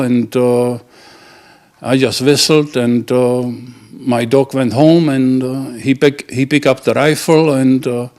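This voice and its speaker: A man telling jokes casually in a halting way, with many fillers and grammar. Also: mid-range voice, darkish tone. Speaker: joke teller.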